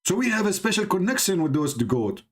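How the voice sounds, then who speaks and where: A man's voice: high voice, sing-song, quick pace, slightly rough. Sarcastic Arabic-accented man on a live stream. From Middle East. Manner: mocking, rhetorical questions, broken English grammar. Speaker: host of a religious debate live stream. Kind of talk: sarcastic live commentary on a video.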